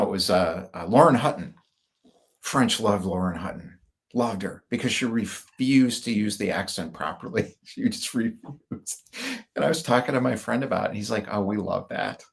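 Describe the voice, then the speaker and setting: A man's voice: lowish voice, vocal fry. A middle-aged man from the United States rambling through personal stories with wry asides, in casual monologue style. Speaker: speaker.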